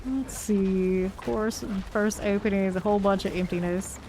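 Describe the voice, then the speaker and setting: A woman's voice: medium pitch, steady tone, normal speed, darkish tone, a little hiss or hum. A woman streaming a game live, thinking aloud and calling out enemies as they appear. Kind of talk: live gameplay commentary.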